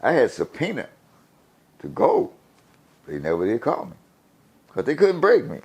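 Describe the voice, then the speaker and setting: An older man from the USA telling stories in a casual interview, animated and profane, laughing as he talks. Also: mid-range voice, a little slow, slightly rough. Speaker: guest storyteller.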